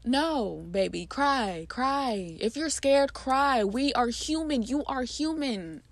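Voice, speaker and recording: A woman's voice: high voice, animated, slow pace, no echo. A woman talking passionately and casually about a poem she wrote, speaking emphatically in bursts with lots of fillers. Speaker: poet explaining her poem. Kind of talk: casual heartfelt monologue.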